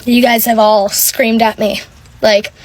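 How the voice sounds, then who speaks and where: A woman's voice: fairly high pitch, unhurried. A young woman telling a story in a casual, exasperated rant, filled with "like"s. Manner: exasperated, animated retelling with many "like"s. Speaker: vlogger.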